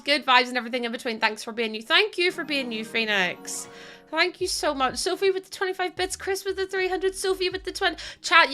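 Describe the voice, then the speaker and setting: A woman's voice: sits high, bright, forceful tone. A young woman streaming live, chatting casually and giggling as she thanks viewers by name. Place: home, indoors.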